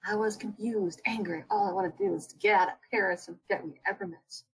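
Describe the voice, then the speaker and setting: Husky-voiced woman reading with friends. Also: mid-range voice, quick pace, poor audio. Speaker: fanfiction reader. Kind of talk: comedic dramatic reading.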